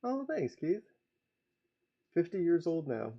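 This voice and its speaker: A man's voice: on the high side, slow pace, vocal fry, dull audio. A man hosting a casual livestream, chatting easily with viewers and greeting them by name. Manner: relaxed, greets chat by name, chuckles often. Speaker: livestream host, comic artist.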